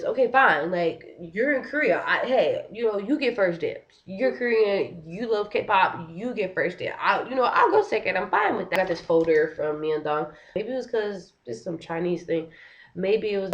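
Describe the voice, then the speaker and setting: A woman's voice: mid-range voice, highs cut off. Frustrated woman ranting on a vlog. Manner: frustrated, animated, heavy use of "like". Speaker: vlogger. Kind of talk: casual vlog rant. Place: living in Korea.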